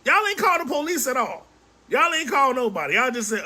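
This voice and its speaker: A woman's voice: high voice, fairly quick. A woman giving true-crime commentary, questioning and sarcastic in her delivery. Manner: animated, rhetorical questioning, sarcastic.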